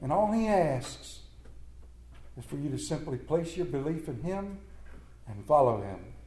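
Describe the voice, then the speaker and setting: A man preaching a sermon in an earnest manner, repeating key words and often dropping to a hushed tone. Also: a little high, big pitch swings, a little slow, echoey room, poor audio.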